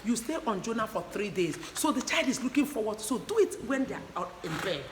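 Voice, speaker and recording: A woman's voice: a little high, big pitch swings, brisk. Woman, earnest parenting teacher, repeats herself, checks for understanding, echoey room, faint noise. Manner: earnest, repetitive, asks "do you understand?".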